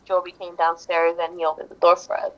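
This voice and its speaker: A woman's voice: lowish voice, monotone, brisk, lo-fi sound. A woman guest in an interview, answering casually and hesitantly, often restarting and repeating herself.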